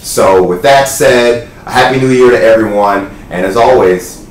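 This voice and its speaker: A man giving an animated, jokey spoken account in a casual vlog. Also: lowish voice, moderate pace, echoey room, recorded from a distance, a little hiss or hum, poor audio. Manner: animated, chatty storytelling with jokes. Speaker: wellness vlogger.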